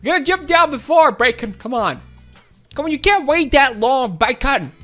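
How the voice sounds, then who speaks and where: High, lively woman doing game commentary. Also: normal speed, faint music behind. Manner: excitable, playful, often laughing and shouting. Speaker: gaming channel host. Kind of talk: let's-play game commentary.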